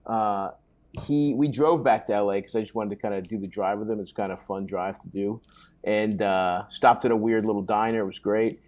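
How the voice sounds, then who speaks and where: A man's voice: lowish voice, steady tone, fairly quick, a little mellow. A man co-hosting a podcast, a stand-up comedian chatting casually, laughing easily and riffing jokes off his co-host.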